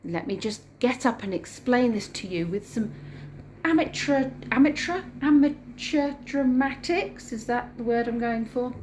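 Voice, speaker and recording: Woman vlogger, storyteller, acts out scenes, mellow voice, roomy echo. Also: on the high side, animated, a little slow, a little hiss or hum. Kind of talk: animated storytelling vlog. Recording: roomy room with faint ambience.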